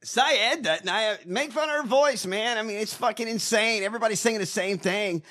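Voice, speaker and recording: A man's voice: high-pitched, fairly quick, pushed and bright. A man hosting a podcast in casual political chat, blunt and mocking, swearing heavily. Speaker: podcast host.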